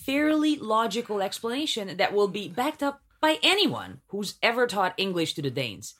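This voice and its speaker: Lively wry woman podcast co-host. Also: medium pitch, normal speed, breathy edge. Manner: wry, teasing delivery. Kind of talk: news banter podcast.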